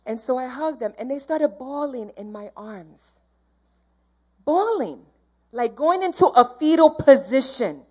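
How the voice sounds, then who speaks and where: Woman sharing her testimony at church, higher voice, slow and rambling, really heartfelt. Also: expressive, dark tone, husky. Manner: rambling, earnest, jumps around. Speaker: church member giving testimony.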